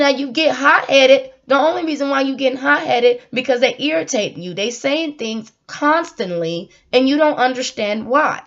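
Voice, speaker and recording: Earnest high-voiced woman sharing her story. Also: a bit bright. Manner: earnest, heartfelt, repeats herself for emphasis. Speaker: vlogger. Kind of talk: emotional personal storytelling. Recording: dull lo-fi audio.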